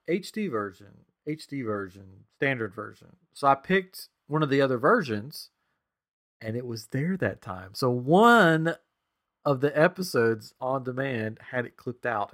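Animated man telling a funny story. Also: medium pitch, a little slow. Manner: animated storyteller, chuckles often, acts out quotes. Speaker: podcast co-host. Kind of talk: casual chat.

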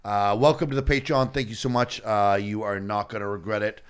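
A man with a lowish voice co-hosts a casual podcast, upbeat and quick to laugh. He hams up shout-outs to listeners with flourish. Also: fairly even intonation, clear, resonant tone. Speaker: podcast co-host.

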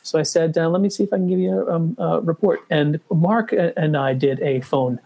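A man's voice: on the high side, a little fast, vocal fry, mellow. A man co-hosting a casual board game podcast, talking with many fillers and restarts. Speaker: podcast co-host. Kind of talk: casual chat.

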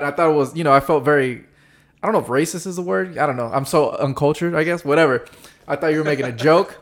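A man telling stories in a casual chat, animated and profane, acting out quoted voices. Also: on the high side, fast. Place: San Diego.

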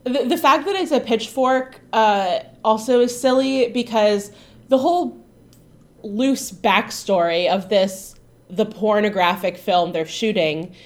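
A woman's voice: mid-range voice, measured pace. A woman co-hosting a film podcast, chatting casually with laughing asides. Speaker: podcast co-host.

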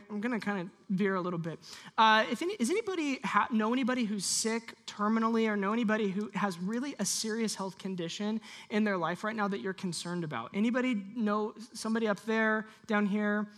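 A pastor preaching to a church congregation, animated and leading the room in call-and-response. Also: mid-range voice, a little fast. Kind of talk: sermon.

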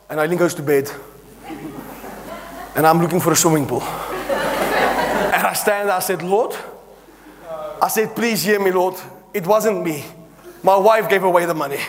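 A man's voice: sits high, a bit bright, in a large hall. A man preaching a sermon as he tells a story, acting out the dialogue with laughing asides.

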